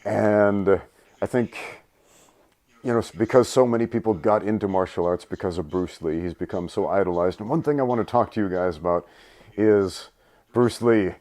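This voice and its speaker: A man's voice: lowish voice, normal speed, a little mellow. A man with a hybrid British and American accent, talking earnestly as a podcast guest. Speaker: guest, martial artist. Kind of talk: podcast discussion.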